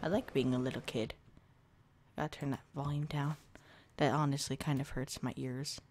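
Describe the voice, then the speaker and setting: A gaming video host giving casual let's-play commentary into a desk microphone at a home setup, chatting to viewers and reacting out loud to jump scares. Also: mid-range voice, little pitch movement, moderate pace, a little hiss or hum. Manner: talks to the viewers and to himself while playing.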